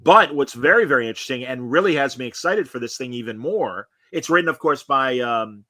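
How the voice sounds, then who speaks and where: A male podcast host with a bright, forward voice and a dry, close sound. He rambles through a casual review chat over a video call, stacking fillers and strong opinions. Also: medium pitch, lively intonation, fairly quick, dry recording.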